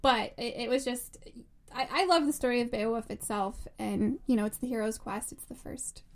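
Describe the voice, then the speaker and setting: Woman co-host with a higher voice; enthusiastic and giggly, rambles through book picks. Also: moderate pace. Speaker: podcast co-host. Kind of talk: casual book chat.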